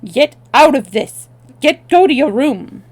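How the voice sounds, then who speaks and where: A woman voicing a harsh German villain who barks sharp, angry orders. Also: medium pitch, brisk, creaky, dry recording. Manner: barking, sharp.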